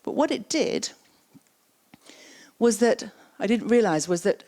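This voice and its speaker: A coaching trainer with a fairly high-pitched voice gives a lively, conversational keynote at a conference. She makes it interactive, repeating what audience members say and asking quick follow-up questions.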